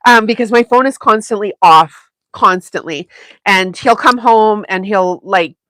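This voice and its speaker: A woman's voice: medium pitch, unhurried, fairly bright tone, dry recording. A woman hosting a sewing livestream, chatting casually with viewers and laughing often. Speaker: sewing channel host.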